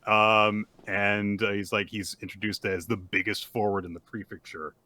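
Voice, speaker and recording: Low, bright-voiced man recapping. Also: level tone, moderate pace, no room sound. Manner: laid-back, many fillers, laughs often. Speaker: podcast host. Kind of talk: casual chat, recapping a story.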